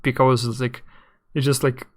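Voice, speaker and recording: Halting, word-searching man streamer. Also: medium pitch, little pitch movement. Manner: rambling, halting, searching for words. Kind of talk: casual live game commentary.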